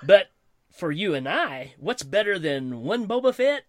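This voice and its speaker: A man's voice: high-pitched, very animated, unhurried, no echo, studio quality. A man talking enthusiastically in a casual conversation, laughing easily. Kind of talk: casual fan chat.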